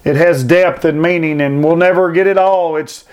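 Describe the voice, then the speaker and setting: A preacher with a notably high-pitched voice. He delivers his sermon with fervent, emphatic repetition, reading verses and pressing each point home. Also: fairly even intonation, normal speed, clean tone.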